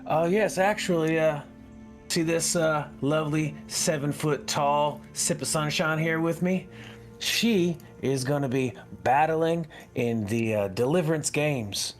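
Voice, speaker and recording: A man voicing a smooth-talking traveler in a tabletop game, with eager, wheedling sales talk. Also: on the high side, unhurried, soft background music, natural voice. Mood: flattering.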